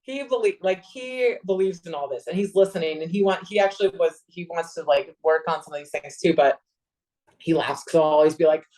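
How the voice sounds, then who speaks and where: A woman in her forties chatting as a podcast guest, rambling and animated, with sudden excited bursts. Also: lowish voice, a little fast, low-quality recording. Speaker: podcast guest, actor and producer. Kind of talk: casual interview chat.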